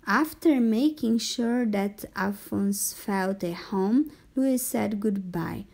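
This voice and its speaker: A woman reading a children's picture book aloud in a measured storytelling way. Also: mid-range voice, gravelly, darkish tone. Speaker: narrator.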